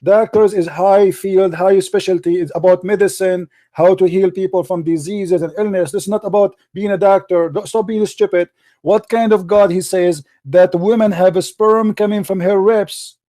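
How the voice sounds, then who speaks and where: A man's voice: sits high, fairly even intonation, moderate pace, dark tone. A male debate show host in a heated call-in debate, mocking and combative, repeating his questions and talking over the caller.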